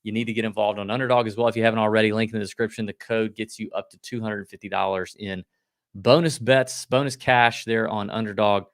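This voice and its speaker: A man co-hosting a golf betting podcast, talking in a quick, loose, joking way. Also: lowish voice, steady tone, no room sound, clean studio sound. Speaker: podcast co-host. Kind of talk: casual golf betting chat.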